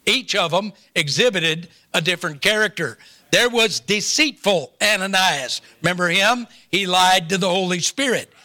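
A man's voice: high-pitched, animated, normal speed, pushed and bright. An older man preaching a sermon, telling a folksy family story with humorous asides before turning to scripture. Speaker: pastor.

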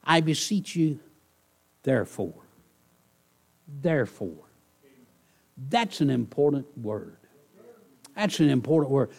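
A man's voice: a little high, big pitch swings, normal speed, gravelly. A male pastor giving a sermon in a conversational, pleading manner, often checking in with the congregation. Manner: conversational, repeats "all right?" to the congregation; soft pleading delivery with bursts of emphasis.

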